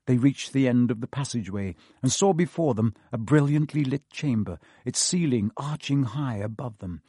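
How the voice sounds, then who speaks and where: A man reading a storybook aloud in an expressive, varied narration. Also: mid-range voice, normal speed, slightly rough, no room sound, studio quality. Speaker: audiobook narrator.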